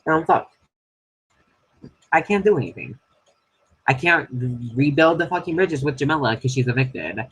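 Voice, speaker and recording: A man's voice: mid-range voice, lively intonation, moderate pace, pauses often, fairly bright tone, slightly rough, poor audio. A man recording an angry, profanity-heavy confessional about being targeted in an online game. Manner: frustrated ranting with heavy swearing.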